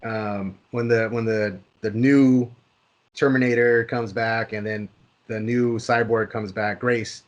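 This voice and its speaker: A man's voice: fairly low pitch, little pitch movement, takes it slowly, muffled recording. A man co-hosting a podcast, chatting casually about movies, often restarting his words and acting out reactions. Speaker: podcast co-host.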